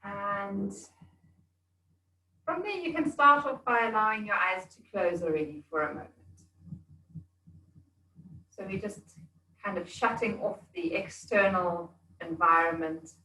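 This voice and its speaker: A woman yoga teacher giving slow, soothing breathing instructions during an evening class. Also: mid-range voice, expressive, bright, forceful tone, recorded from a distance. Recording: echoey room.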